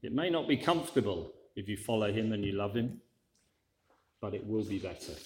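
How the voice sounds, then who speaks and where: Preacher in a roomy church. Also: male voice, fairly low pitch, animated, fairly quick, darkish tone. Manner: conversational with dry, wry asides. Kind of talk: sermon.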